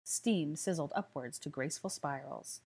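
A woman reading a story aloud as narrator, calm and even. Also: sits low, moderate pace, slightly rough. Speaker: audiobook reader. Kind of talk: scripted narration.

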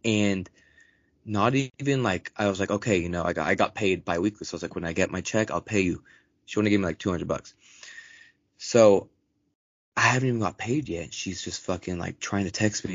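A man's voice: deep voice, a little fast, dry recording. A young man co-hosting a podcast, telling a story in casual chat, swearing often and acting out other people's lines in a raised voice. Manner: profane, animated, acts out quotes in raised voice. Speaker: podcast co-host. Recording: dull lo-fi dry recording.

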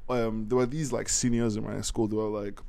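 A man telling a long story on a casual podcast, animated, laughing often and full of slang. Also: on the low side, fairly quick, vocal fry. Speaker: podcast host.

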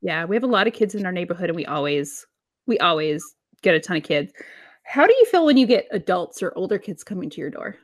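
A woman's voice: on the low side, very animated, fast talker, no echo, studio quality. A woman in her thirties co-hosting a podcast, chatting casually and swearing now and then. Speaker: podcast co-host. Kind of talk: casual chat.

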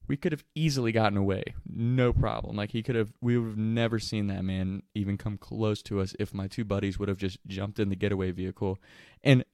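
A man's voice: lowish voice, fairly quick, dry recording, studio quality. Young man telling a wild story. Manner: animated, laughing, profane. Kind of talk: casual anecdote.

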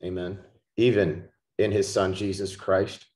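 Langsamer, tiefer Prediger mit Nachdruck. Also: male voice, deep voice, little pitch movement, darkish tone. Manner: slow, emphatic, repeats key words. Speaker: preacher. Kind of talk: sermon. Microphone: podcast microphone.

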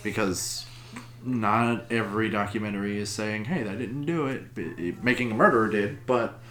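A man's voice: fairly low pitch, fairly bright tone. A man co-hosting a podcast who speaks casually, often restarting his sentences as he steers the conversation with questions. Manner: halting, restarts and prompts questions. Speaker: podcast co-host. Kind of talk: casual chat.

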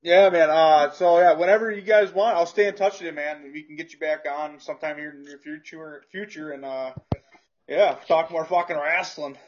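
A man's voice: on the high side, normal speed, lo-fi sound, noisy background. A man hosting a podcast, laid-back and casually profane as he wraps up the show. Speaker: podcast host. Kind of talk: casual chat.

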